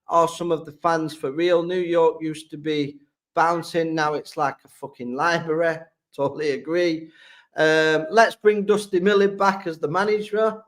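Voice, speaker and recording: A man with a Sheffield accent hosting a live fan stream, reading out viewer comments and answering them in a blunt, chatty way. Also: sits high. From England. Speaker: fan channel host.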